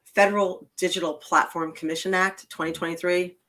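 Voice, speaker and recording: Bright-voiced emphatic woman host. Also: fairly low pitch, steady tone, fairly quick. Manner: emphatic, blunt, swears freely. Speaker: podcast host. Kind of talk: casual political podcast chat.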